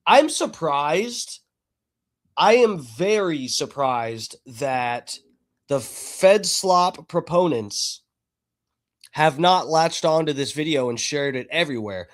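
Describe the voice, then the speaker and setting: A man hosting a live stream, chatting casually and swearing freely as he talks to his viewers. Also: on the high side. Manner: chatty, profane, talks to chat. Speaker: livestream host.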